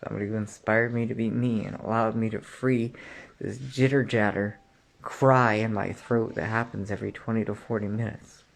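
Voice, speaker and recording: A man delivering an angry, profane rant straight to the listener, often clearing his throat and rising to shouts. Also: lowish voice, little pitch movement, moderate pace. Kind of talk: angry direct-to-camera rant.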